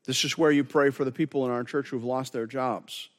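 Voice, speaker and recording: A man's voice: medium pitch, fairly even intonation, fairly quick, in a large hall. A man preaching a sermon as pastor, earnest and conversational, often restarting his phrases.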